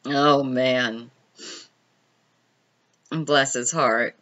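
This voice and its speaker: Chatty woman on a live stream, bright sharp voice, laughs a lot, kinda dull lo-fi audio. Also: extremely low pitch, steady tone, drawn-out words. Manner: chatty, laughs often, answers viewer comments by name. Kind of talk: casual live stream chat with viewers.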